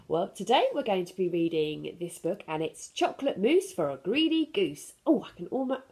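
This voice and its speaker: A woman hosting a children's storytime, reading a picture book aloud in a gentle, sing-song way with soft laughs. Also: mid-range voice.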